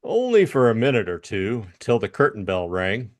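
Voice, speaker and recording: A man's voice: fairly low pitch, very animated, moderate pace. A man voicing a cool, sardonic male private detective in an audiobook drama, keeping a light conversational tone. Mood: cool, wry.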